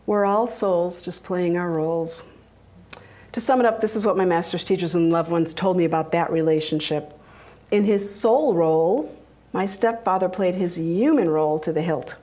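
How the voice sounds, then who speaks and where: A middle-aged woman giving a talk, telling personal stories in a lively way and laughing often. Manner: animated, acts out quoted voices with big pitch jumps.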